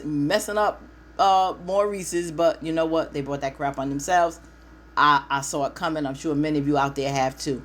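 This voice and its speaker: A woman's voice: sits low, slight background noise. Chatty woman recapping a TV show. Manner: chatty, opinionated, talks straight to viewers. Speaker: TV recap host.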